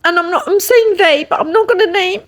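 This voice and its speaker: High-pitched English woman telling her story. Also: fairly quick. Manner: earnest, checks in with "yeah?" tags. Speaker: interview guest. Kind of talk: emotional personal storytelling.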